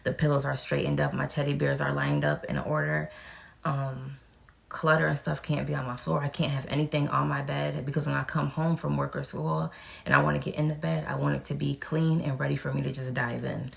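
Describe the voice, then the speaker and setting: Very low-voiced, gravelly young woman vlogger. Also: little pitch movement, fairly quick. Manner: chatty and frank, with casual cursing. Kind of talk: casual Q&A vlog.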